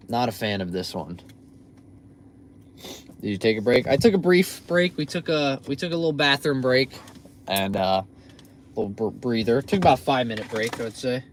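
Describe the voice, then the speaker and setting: A man's voice: medium pitch, a little hiss or hum. A young man chatting to his viewers while driving for food delivery late at night, tired and yawning. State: sleepy after a long shift. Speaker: food delivery driver vlogger. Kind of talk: casual vlog chat while driving. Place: inside a car.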